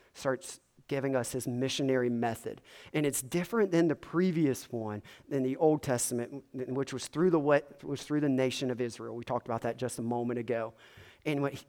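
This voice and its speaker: A man's voice: mid-range voice, a little mellow. A man preaching a sermon, retelling a story in a conversational way with many casual fillers.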